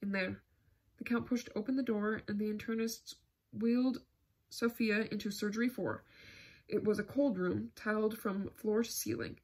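Woman reading a novel out loud, steady, kinda breathy. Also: mid-range voice, normal speed. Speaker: audiobook narrator. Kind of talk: scripted narration.

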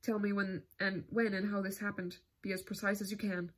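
Brief: a woman doing a curt commanding male surgeon, husky, no-nonsense. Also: mid-range voice, level tone, fairly quick, close to an everyday voice. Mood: clipped. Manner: clipped, authoritative.

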